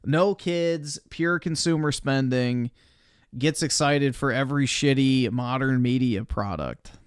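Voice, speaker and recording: A man's voice: medium pitch, measured pace, clean tone, dry recording, clean studio sound. A man streaming live, reacting to a video with crude, mocking, blunt commentary to his chat. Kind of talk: casual livestream commentary.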